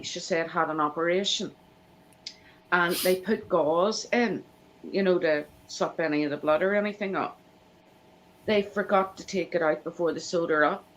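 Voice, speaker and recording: Woman telling lively stories. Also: lowish voice, rough recording. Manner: animated anecdote teller, acts out quoted voices. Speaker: live chat host. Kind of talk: casual storytelling chat.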